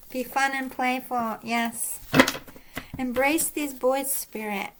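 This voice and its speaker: A woman's voice: sits high, steady tone, drawn-out words, very noisy. A woman giving a casual psychic reading, chatty and emotional, often saying "like" and laughing between thoughts. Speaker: psychic medium.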